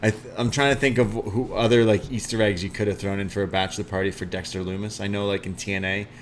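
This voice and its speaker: A man reviewing a wrestling show in casual podcast chat, excitable, laughing often and acting out quotes. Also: lowish voice, fast, slight background noise.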